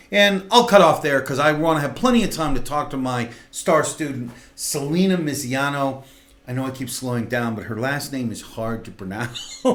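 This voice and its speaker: A middle-aged man hosting a local talk show, giving an earnest, rambling motivational talk with many fillers and restarts. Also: on the high side.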